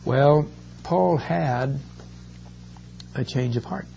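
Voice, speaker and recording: Guy preaching a sermon, slow and earnest, mellow voice, kinda muffled recording w a faint hum. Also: medium pitch, gravelly. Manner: slow, earnest Bible exposition, stretching key words.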